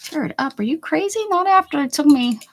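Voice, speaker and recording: A woman's voice: high-pitched, expressive, brisk, slight background noise. A woman chatting playfully with her viewers during a casual live stream as she works on an art journal page. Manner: chatty, talks to viewers in chat while working; playful, exclaims and jokes. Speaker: livestreaming art journal creator. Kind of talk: casual live-stream chat while crafting.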